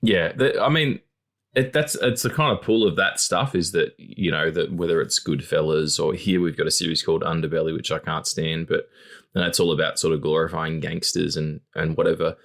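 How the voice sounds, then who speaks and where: A man co-hosting a podcast, rambling in casual chat, swearing freely and acting out quotes in squeaky voices. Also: steady tone, brisk, gravelly, a bit bright. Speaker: podcast co-host.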